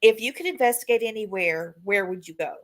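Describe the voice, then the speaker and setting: A woman's voice: mid-range voice, a little fast. A woman hosting a live show, reacting with exclamations and reading viewer questions. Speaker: host.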